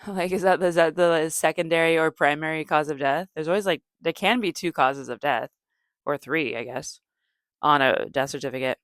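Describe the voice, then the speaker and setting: A woman comedian hosting a podcast, telling stories in a deadpan, low-energy way, rambling with fillers and self-corrections. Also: moderate pace, no room sound, clean studio sound. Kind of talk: casual storytelling monologue.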